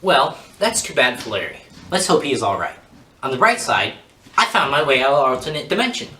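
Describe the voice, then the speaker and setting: Male mock reporter, upbeat explainer, lively bright voice, echoey room. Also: medium pitch, brisk, a little hiss or hum. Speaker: field reporter. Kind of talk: mock news segment, explaining math.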